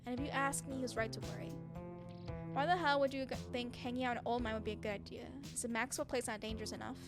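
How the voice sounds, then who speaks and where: A woman's voice: a little high, fairly even intonation, quick pace, natural voice. A woman reading a stern, scolding older sister. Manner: stern, lecturing. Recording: game music behind.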